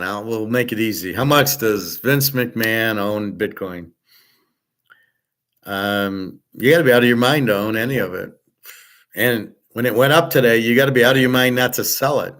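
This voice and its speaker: A man's voice: medium pitch, fairly bright tone. A man hosting a livestream, ranting and reading chat comments in a profane, sarcastic, combative way. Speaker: host.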